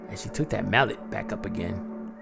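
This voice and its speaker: Male horror narrator, gleeful and chuckling, gravelly, slow, music under. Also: on the low side. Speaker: storyteller. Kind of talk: first-person horror story narration.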